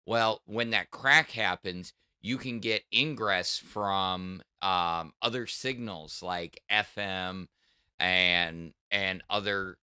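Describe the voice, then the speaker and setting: A man's voice: low voice, slow pace, bright, forceful tone, smooth, dry recording, clean studio sound. A middle-aged man with a Southern US accent, chatting on a livestream and explaining technical things in a rambling way, full of restarts. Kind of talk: casual livestream chat.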